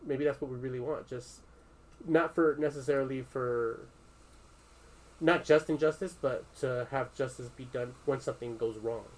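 A man's voice: mid-range voice, fairly even intonation, normal speed, darkish tone, low-quality recording. A man in a casual conversation, thinking aloud with many restarts, fillers and some swearing. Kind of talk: casual discussion.

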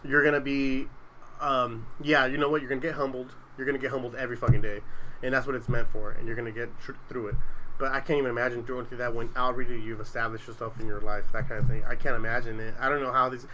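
A young adult man in casual conversation who tells rambling, profane stories full of restarts. He speaks quickly in a bright, pushy voice. A faint ambient hiss sits under him. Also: medium pitch, level tone, poor audio. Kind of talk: casual chat.

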